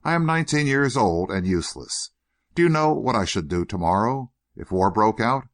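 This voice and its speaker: A man's voice: lowish voice, expressive, moderate pace. A man voicing a restless, frustrated young man. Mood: pleading. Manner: urgent, pleading, impulsive.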